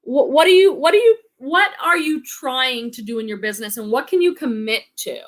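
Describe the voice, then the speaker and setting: A chatty woman in her thirties hosts a live stream and reads viewers' comments aloud. Her voice sits high, and she talks in a bubbly, rambling way, full of fillers and quick laughs. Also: lively intonation. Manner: chatty, bubbly, many likes and ums, laughs often. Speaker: live stream host, online reseller. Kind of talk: casual live stream chat reading comments.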